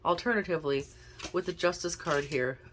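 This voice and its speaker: A woman's voice: deep voice, normal speed, a little hiss or hum. A woman giving a casual tarot and oracle card reading, chatting and thinking aloud as she draws cards. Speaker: intuitive card reader.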